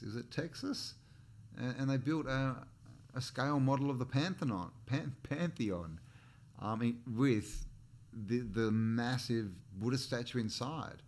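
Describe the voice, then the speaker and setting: A man's voice: medium pitch, slight background noise. A man hosting a casual livestream chat, rambling between topics and greeting viewers in the chat with frequent restarts and chuckles. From Australia. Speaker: channel host.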